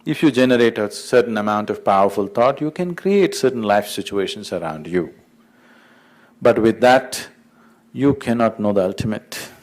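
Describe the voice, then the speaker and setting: A man giving a spiritual talk, speaking in a measured way and driving points home through repetition. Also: fairly low pitch, a little mellow. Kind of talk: spiritual talk with a told joke.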